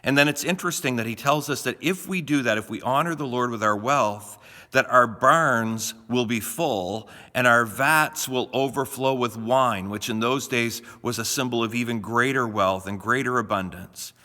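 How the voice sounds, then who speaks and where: A man's voice: medium pitch, moderate pace, bright, forceful tone. A middle-aged male pastor from Canada giving a short devotional talk in a conversational, folksy way, often restarting his sentences. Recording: long reverb, roomy.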